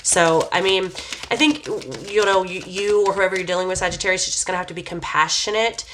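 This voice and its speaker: A woman with a somewhat low voice talks through a tarot reading in a relaxed, casual way. She meanders and hesitates, leaning on fillers as she muses aloud about what she senses. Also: fairly quick, background noise. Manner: reflective, intuitive musing. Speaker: tarot reader.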